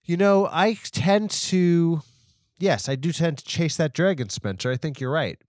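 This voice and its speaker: A man's voice: fairly high pitch, expressive, measured pace, a little mellow, dry recording, clean studio sound. A man in his forties hosting a comedy podcast, rambling and self-mocking with lots of fillers and restarts. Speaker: podcast host.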